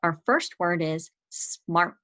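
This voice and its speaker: Slow, patient woman teaching spelling. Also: fairly low pitch, pushed and bright, rough recording. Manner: sounds out and spells words letter by letter; patient, encouraging. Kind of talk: slow spelling lesson for young children.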